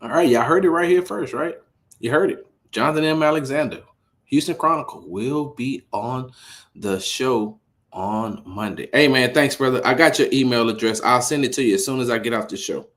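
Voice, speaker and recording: Animated man hosting sports talk. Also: normal speed. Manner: animated, incredulous, repeats himself, rising pitch when riled up. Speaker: host of a sports talk stream. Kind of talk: casual sports talk livestream.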